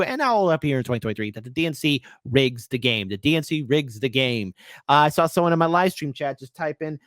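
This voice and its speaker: A man hosting a livestream with political commentary, ranting in an animated, sarcastic way. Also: on the high side, no echo, clean studio sound.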